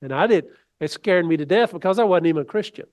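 A man's voice: sits high, lively intonation, quick pace, darkish tone, no room sound. A man preaching a sermon as pastor, in a folksy, rambling way with many restarts.

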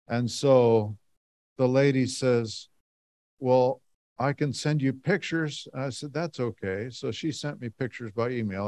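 A man's voice: medium pitch, a little mellow, no room sound. A middle-aged man telling a long personal story to a church audience in a folksy, rambling way, full of "and, uh" fillers. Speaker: lay speaker giving a talk. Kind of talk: storytelling talk to a congregation.

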